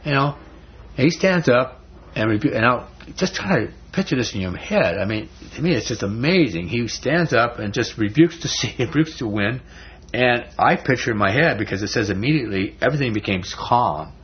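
A man's voice: mid-range voice, expressive, moderate pace. A man teaching a Bible study in a conversational, folksy way, often restarting words. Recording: dull lo-fi recording.

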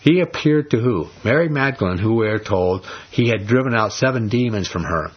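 Male pastor, emphatic, plainspoken sermon delivery, husky tone, dull recording. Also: on the low side, lively intonation, fairly quick. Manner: blunt, emphatic preaching with casual slang.

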